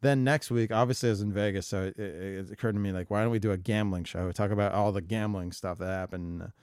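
A man's voice: fairly low pitch, steady tone, fast, darkish tone, clear, resonant tone, dry recording, clean studio sound. A man co-hosting a podcast, rambling and joking casually while filling airtime, swearing freely. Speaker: podcast co-host.

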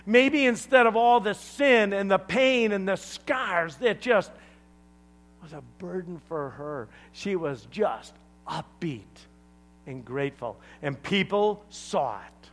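A man preaching a sermon to a congregation, swinging between loud emphatic lines and hushed asides, joking with the room. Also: high voice, animated, slow. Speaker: pastor.

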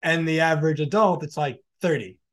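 This podcast host has a fairly bright, high-ish voice and talks fairly quickly. He reflects casually on a guest's story in loose, filler-heavy, conversational phrasing.

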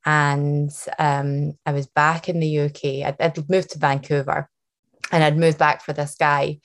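A woman's voice: sits low, flat delivery, a little slow. A woman in her thirties with a Glasgow Scottish accent, a guest author talking openly in a podcast interview. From Scotland. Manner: earnest and open, with fillers.

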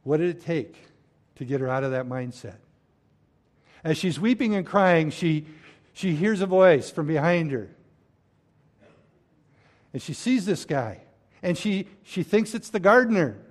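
A man preaching a sermon as a pastor, swinging between loud stressed phrases and hushed, quiet drops. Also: on the high side, animated, unhurried, long pauses.

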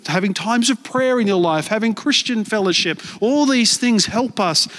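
A man's voice: high voice, expressive, moderate pace, a bit bright, in a large hall. A male pastor giving a sermon in a church, earnest and conversational, often repeating words as he searches for them.

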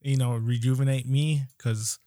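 A man's voice: medium pitch, fairly even intonation, normal speed, warm tone, no room sound, studio quality. Laid-back man hosting a podcast. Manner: laid-back, swears casually. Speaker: podcast host. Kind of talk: casual chat.

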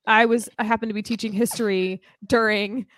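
A woman who is a teacher, chatting casually on a podcast in an animated way, often acting out quoted voices and laughing. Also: on the high side, fairly quick, dry recording, studio quality.

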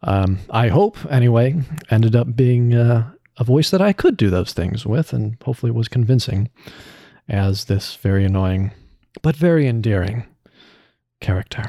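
A man's voice: medium pitch, expressive, normal speed, warm tone, dry recording, clean studio sound. A man who voices a character on a podcast, talking it over in a reflective, rambling way with many restarts. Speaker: voice actor. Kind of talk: casual podcast chat.

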